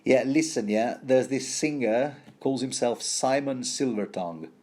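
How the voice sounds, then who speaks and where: A man's voice: mid-range voice, a little slow, darkish tone, close to an everyday voice. A man voicing a sarcastic, impatient male lord in a snappy, mocking manner. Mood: scheming.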